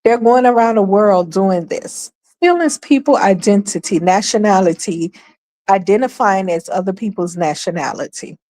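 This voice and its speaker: A woman's voice: medium pitch, normal speed, dark tone. A woman hosting her own livestream, talking casually and emphatically straight to her viewers and repeating her points. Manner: chatty and emphatic, addresses viewers directly, repeats points, breaks into laughs. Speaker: host of her own talk stream.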